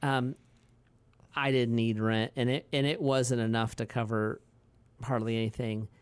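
A man's voice: medium pitch, fairly even intonation, a little slow, clean tone, dry recording. A man in his forties, a pastor, talking casually on a podcast, rambling through stories with many fillers and restarts and laughing easily.

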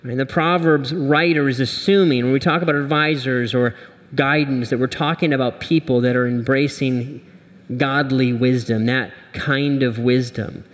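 A man's voice: mid-range voice, fairly even intonation, normal speed, big-room sound. Conversational male pastor preaching. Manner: conversational, humorous, asks "right?" often. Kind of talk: sermon.

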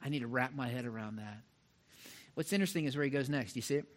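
A middle-aged man preaching a sermon as pastor, animated and talking straight to the congregation, acting out little voices to make his points. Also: mid-range voice, quick pace. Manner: animated, mimics voices for illustration, direct address to congregation.

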